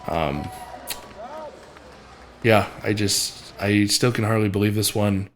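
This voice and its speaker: A young man with a deep, low voice talks through his competition in a vlog. He speaks haltingly and restarts often, full of fillers. He sounds choked up, close to tears. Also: a little hiss or hum. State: emotional, near tears. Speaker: strongman athlete. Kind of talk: emotional vlog recap.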